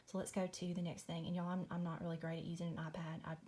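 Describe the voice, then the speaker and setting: A woman's voice: fairly low pitch, little pitch movement, fast, warm tone. A woman, chatting casually through a Bible study at home at night, apologetic and friendly, saying y'all. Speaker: Christian video host.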